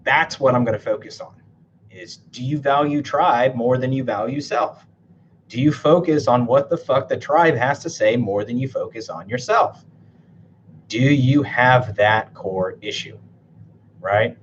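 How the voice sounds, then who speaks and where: A man's voice: mid-range voice, a little slow, highs cut off, a little hiss or hum. A man coaching on personality types in a blunt, casual talk to camera, swearing freely and tagging his points with "right?". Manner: blunt, swears a lot, tags sentences with "right?". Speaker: typology and NLP coach.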